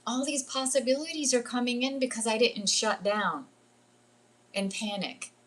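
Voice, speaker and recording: A woman's voice: fairly high pitch, normal speed. A middle-aged woman, a spiritual coach, talking casually on a livestream, chatty and acting out the voices she quotes. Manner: chatty, acts out quoted voices, says "like" often. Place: at home, jungle retreat.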